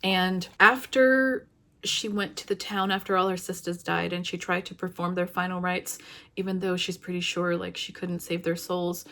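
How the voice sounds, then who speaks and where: A young woman with a slightly low voice reviews books in a casual vlog. She talks in an emotional, halting way, stopping and restarting her sentences and leaning on fillers. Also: fairly even intonation, a bit bright. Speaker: book reviewer.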